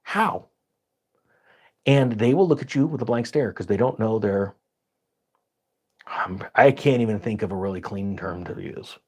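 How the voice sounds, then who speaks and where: A man hosting a finance channel, giving casual, sarcastic commentary over charts with big jumps in pitch for emphasis. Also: normal speed, a little mellow.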